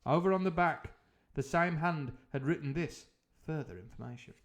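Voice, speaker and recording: A man's voice: a little high, moderate pace. Rambling man reading aloud with jokes. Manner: rambling and jokey, full of tangents and fillers. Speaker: streamer reading a novel aloud. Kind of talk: live book reading with comic asides.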